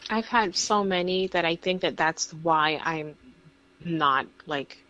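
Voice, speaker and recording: Chatty co-host, woman with a lowish voice, rambling delivery. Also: slow pace, sharp tone, dull audio. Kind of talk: casual chat among friends.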